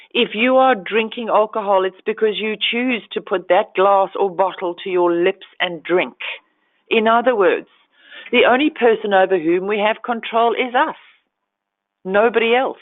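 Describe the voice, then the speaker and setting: A woman's voice: mid-range voice, normal speed. A woman coach giving a motivational talk to women, direct and emphatic, repeating her key advice. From Australia. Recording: tinny phone-like sound.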